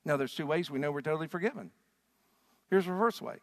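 A man preaching a sermon as a pastor, swinging from hushed lines to loud call-and-response with the congregation. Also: fairly high pitch, animated, fast, long pauses, big-room sound.

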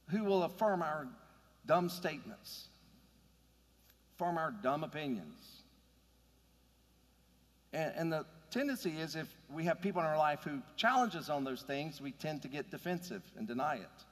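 A man's voice: on the high side, lively intonation, a little slow, pauses often, long reverb tail. A man preaching a sermon in an earnest, conversational way, building to emphatic points. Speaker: pastor.

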